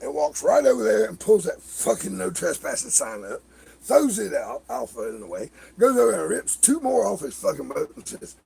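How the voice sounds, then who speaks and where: A middle-aged man hosting a livestream, telling rambling stories in a casual, animated way, swearing and laughing as he acts out other people's lines. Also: high voice, normal speed, gravelly, crowd noise. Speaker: livestream host. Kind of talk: casual storytelling chat.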